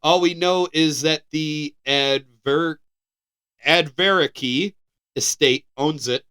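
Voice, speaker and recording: An American man co-hosts a casual podcast, reading headlines aloud and breaking off with laughter and restarts. His voice sits a little high and rings bright and clear. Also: takes it slowly. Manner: animated, laughing, stumbling restarts while reading. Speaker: podcast co-host.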